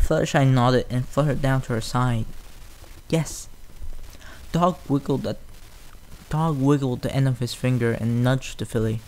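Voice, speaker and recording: A man's voice: mid-range voice, fairly even intonation, normal speed, darkish tone, slight background noise. A man narrating a fan storybook in an unpolished, home-read way. He reads plainly and now and then stumbles and restarts a line. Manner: plain reading with some restarts.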